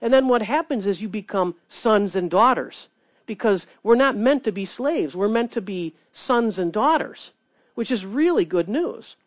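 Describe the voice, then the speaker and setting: A woman preaching a sermon in an earnest, animated way, reading scripture between her points. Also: mid-range voice, unhurried, no room sound.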